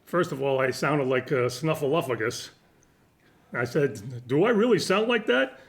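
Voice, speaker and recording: A stammering, clueless sitcom husband. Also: male voice, mid-range voice, lively intonation, a little slow, creaky. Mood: sheepish. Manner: stammering, defensive, wisecracking. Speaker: actor in a reunion table read. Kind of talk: sitcom table read. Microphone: video call.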